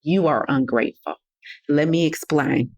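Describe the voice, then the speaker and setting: A woman's voice: deep voice, normal speed, darkish tone, dull audio. A woman hosting a motivational health podcast, talking to listeners in a sassy, direct, preachy way. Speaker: podcast host and health coach. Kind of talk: motivational solo podcast talk.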